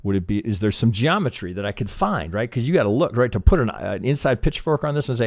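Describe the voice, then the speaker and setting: A man with a fairly low voice walks through a trading chart, thinking aloud as he goes. He swears casually and restarts his sentences often. The recording is dry and close. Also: big pitch swings, fast, few pauses, a little mellow, no room sound. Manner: rambling, profane, thinking aloud with many restarts. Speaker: trading educator. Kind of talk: live chart analysis lesson.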